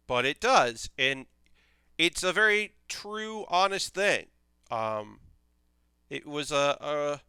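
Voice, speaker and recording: A young man talks in a loose, animated livestream ramble, cursing freely. His voice is bright and crisp, fairly high for a man. It is recorded close and dry. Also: dry recording. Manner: chatty, animated, swears casually. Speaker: streamer reviewing anime. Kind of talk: casual livestream chat.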